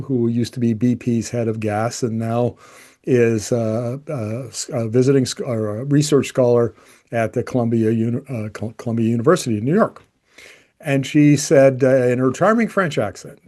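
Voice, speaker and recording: A man's voice: medium pitch, normal speed, dark tone. A man giving conversational, emphatic energy commentary, often restarting his sentences. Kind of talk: opinion commentary to camera.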